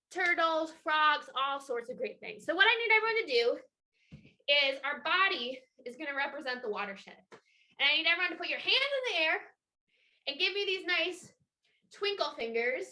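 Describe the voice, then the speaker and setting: A young woman leading an upbeat online lesson for children, energetic, encouraging and playful. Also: very high-pitched, normal speed. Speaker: children's water festival educator. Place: home, indoors. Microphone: video call.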